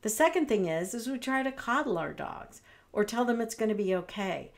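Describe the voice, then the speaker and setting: A woman's voice: a little high, expressive, normal speed, gravelly. A middle-aged woman, a dog trainer, giving friendly, conversational advice straight to the camera. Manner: friendly, conversational, acts out soothing phrases. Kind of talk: direct-to-camera advice talk.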